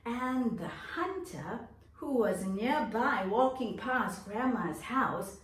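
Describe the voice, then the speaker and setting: Lady teacher reading a kids' story, real slow and lively, echoey room, mic kinda far. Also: medium pitch, slight background noise. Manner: slow, expressive and animated. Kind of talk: storytelling to young children.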